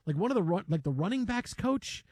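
Animated sports radio host, higher voice. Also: male voice, fairly quick, no echo, clean studio sound. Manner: animated storytelling, acts out shouting fans. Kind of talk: casual sports radio chat. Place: radio studio.

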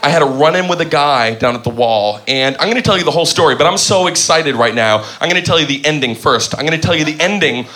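Excitable male stand-up comic. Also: fairly high pitch, fast, few pauses. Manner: excitable, playful storyteller. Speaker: stand-up comedian. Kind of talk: stand-up comedy set. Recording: live club, crowd and room noise. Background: audience laughing.

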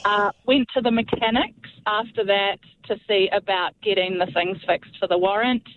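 A woman's voice: mid-range voice, steady tone, moderate pace, a little hiss or hum. A woman calling in to a radio show, telling a rambling story and laughing at her own bad luck. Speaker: caller. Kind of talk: phone-in story. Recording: tinny phone line.

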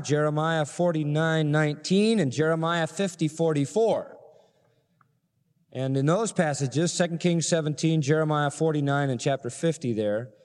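Man, pastor, expository sermon, emphatic teaching, slightly high voice, long hall reverb. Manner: emphatic teaching, explains scripture verse by verse.

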